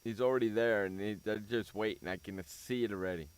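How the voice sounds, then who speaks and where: A man's voice: on the low side, steady tone, brisk, clear, resonant tone. A man hosting a sports talk radio show, ranting bluntly and cursing freely as he argues about teams and coaches.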